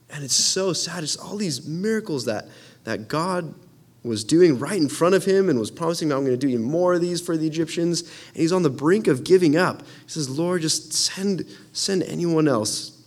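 Young male preacher, earnest and excitable, voice a little high, talks loosely with many restarts. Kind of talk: casual sermon.

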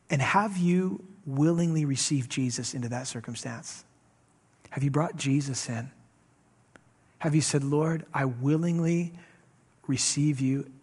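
A man preaching a sermon, telling a Bible story with lively acted-out dialogue. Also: mid-range voice, slightly rough. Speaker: pastor.

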